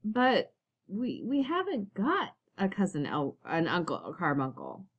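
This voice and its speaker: A woman voicing a sensible little girl in a storybook read aloud, soft and earnest. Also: mid-range voice, very animated, measured pace, slightly rough, dull audio, exaggerated voice. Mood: protesting.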